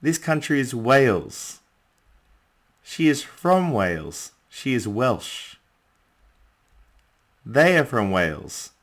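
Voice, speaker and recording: A man teaching a beginner English lesson, speaking deliberately and adding small friendly asides. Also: mid-range voice, big pitch swings, a bit bright. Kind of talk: beginner language lesson narration.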